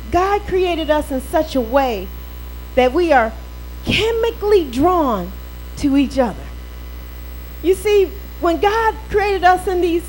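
A woman's voice: very high-pitched, a little hiss or hum, poor audio. A middle-aged woman pastor preaching a sermon in a playful way, acting out quoted voices and laughing often.

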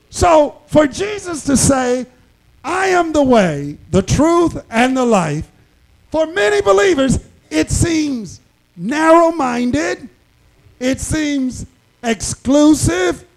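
A man preaching a sermon, emphatic and dramatic, shouting key lines. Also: extremely high pitch, vocal fry, rough recording.

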